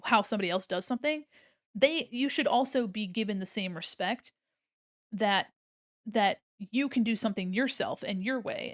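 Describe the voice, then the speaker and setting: A woman's voice: mid-range voice, no echo, studio quality. Chatty swearing young woman streamer. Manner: rambling, swears freely, laughs often. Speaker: art streamer. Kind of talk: casual live-stream chat while drawing.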